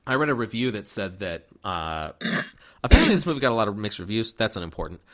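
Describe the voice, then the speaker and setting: A man with a fairly low voice chats loosely through a movie's plot. He circles back, restarts his sentences and drops in quick impressions of the characters. The tone is relaxed, like friends talking. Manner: rambling, many fillers and restarts, acts out characters' lines. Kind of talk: casual movie recap chat.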